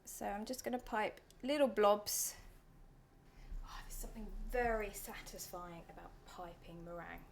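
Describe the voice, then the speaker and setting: A woman in her thirties hosting a casual cooking demonstration in a kitchen, chatty and playful, sometimes dropping to soft self-deprecating asides. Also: mid-range voice, normal speed, creaky. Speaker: cooking show host.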